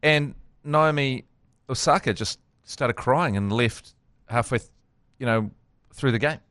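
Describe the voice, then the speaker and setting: A man's voice: mid-range voice, unhurried, no echo. NZ male podcast co-host, anecdotal storyteller, middle voice, dry studio mic. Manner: storytelling with shouted impressions. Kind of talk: casual chat.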